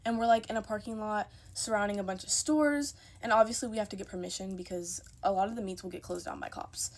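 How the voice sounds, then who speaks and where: A woman's voice: medium pitch, fast. A young woman telling a casual storytime into her phone, chatty and emphatic, acting out the people in her story.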